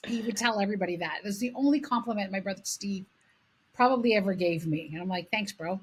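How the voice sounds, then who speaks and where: Husky-voiced woman telling stories with profanity. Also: mid-range voice, quick pace. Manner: animated, swears freely. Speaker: podcast co-host. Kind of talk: casual storytelling chat.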